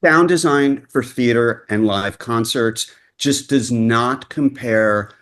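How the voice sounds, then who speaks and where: A man's voice: medium pitch, slow pace, fairly bright tone. A man co-hosting a casual chat about musicals, frank and self-deprecating, often restarting his words. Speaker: podcast co-host.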